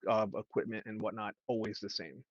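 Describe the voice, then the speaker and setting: A man's voice: on the low side, flat delivery, brisk, breathy edge, no echo. Guy playing a board game as a guest, asks lots of rule questions, kinda muffled dry audio. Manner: asks questions, reads his quest aloud. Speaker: guest player. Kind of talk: casual game table chat.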